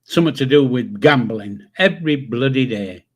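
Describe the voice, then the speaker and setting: A man's voice: medium pitch, lively intonation, normal speed. An older man, hosting a casual livestream and chatting loosely with viewers, with a rambling manner, casual swearing and chuckles to himself. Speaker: livestream host. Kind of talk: casual live chat reading comments.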